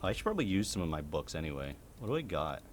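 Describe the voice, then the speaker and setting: Young male streamer, loose chatty commentary, laughs and swears, pitch swings a lot. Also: big pitch swings, fast talker, slight background noise. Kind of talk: casual gameplay commentary.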